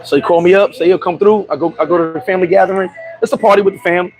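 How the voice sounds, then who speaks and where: A man's voice: high-pitched, steady tone, racing, a little mellow, a little hiss or hum, low-quality recording. A man hosting a casual livestream chat, telling blunt, profane stories. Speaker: livestream host.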